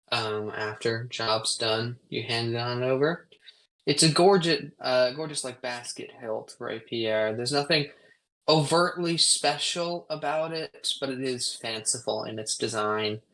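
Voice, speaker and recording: Male game master, casual rambling narration, mid-pitched voice. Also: poor audio. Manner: relaxed, rambling narration with fillers.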